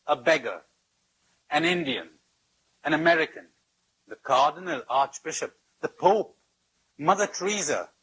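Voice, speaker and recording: A man's voice: a little high, a bit bright, slight background noise, poor audio. A man as a spiritual teacher giving a workshop talk. He tells anecdotes with humor and repeats phrases for emphasis. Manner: storytelling with rhetorical repetition and humor.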